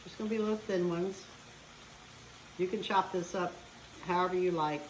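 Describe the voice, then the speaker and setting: A woman's voice: fairly low pitch, fairly even intonation, moderate pace, slight background noise. Chatty woman cooking in an echoey kitchen. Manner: chatty, talks while cooking. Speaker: home cook. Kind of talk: casual cooking demonstration. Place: home kitchen. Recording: echoey kitchen with frying sizzle.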